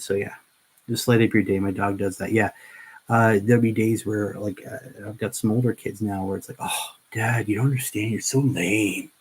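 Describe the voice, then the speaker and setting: A middle-aged man chats through a livestream as he paints miniatures, his voice sitting a little low. He rambles earnestly, often restarting his sentences, and talks straight to his viewers. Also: a little mellow, low-quality recording. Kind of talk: casual livestream chat.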